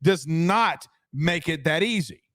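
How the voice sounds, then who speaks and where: This man hosts a casual sports podcast, ranting animatedly with rhetorical questions and reading the live chat aloud as he reacts to it. His voice is fairly high and slow. The studio sound is clean, with no echo.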